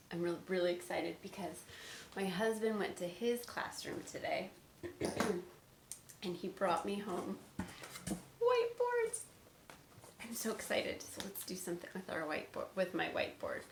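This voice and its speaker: A woman teacher reading a picture book aloud to children at home, with big swoops in pitch. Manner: expressive read-aloud with big pitch swings. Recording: roomy sound with faint noise.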